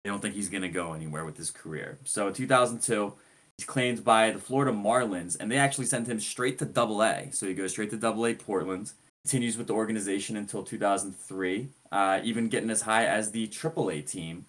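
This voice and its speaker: A man with a fairly low voice talks through a sports career as a podcast co-host. He rambles eagerly and keeps a casual, chatty tone. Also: a little fast, fairly bright tone.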